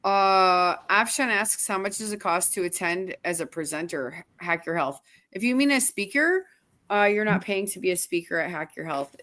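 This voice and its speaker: A woman with a lowish but bright, sharp tone, reading viewer comments on a live show. She keeps the chat upbeat and quick to laugh. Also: animated.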